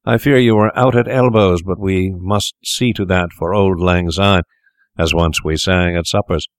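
Guy doing a rattled old doctor, stammery and hurried, pitched up high over a deep low voice, dry close sound. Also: steady tone, no room sound. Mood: flustered. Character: sharp-tongued elderly male doctor, startled, flustered. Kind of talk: audiobook reading.

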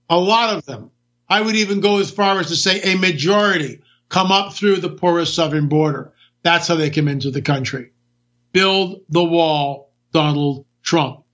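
A man with a high, bright, tense voice rants through a political talk monologue, hammering each point and throwing out rhetorical questions. The sound is dull and lo-fi, with the top end rolled off. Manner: ranting, emphatic, rhetorical questions. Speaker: talk radio host.

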